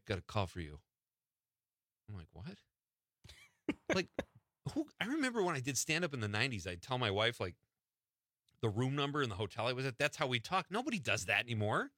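A man's voice: mid-range voice, no echo, clean studio sound. A middle-aged man hosting a talk radio show, telling a story with frequent laughs. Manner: animated, laughing anecdotes.

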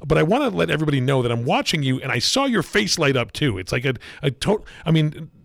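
A man's voice: fairly high pitch, big pitch swings, quick pace, gravelly, no echo. A man co-hosting a talk radio show, talking animatedly and incredulously, stammering and restarting. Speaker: radio co-host.

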